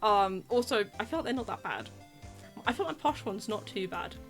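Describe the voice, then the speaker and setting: A woman's voice: medium pitch, expressive, normal speed, soft background music. A British woman casually commenting on a game stream, chatty and self-deprecating. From Britain.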